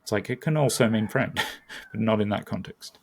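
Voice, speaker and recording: Gravelly Australian man chatting casually. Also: lowish voice, moderate pace, a little mellow. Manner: chatty, self-interrupting. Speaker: guest. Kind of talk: casual conversation.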